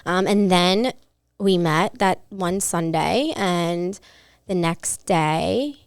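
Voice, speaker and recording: A woman co-hosting a podcast, telling a story in a casual, animated way with lots of filler words. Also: on the low side, drawn-out words, clean tone, no echo, studio quality. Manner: animated, chatty, many fillers. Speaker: podcast co-host.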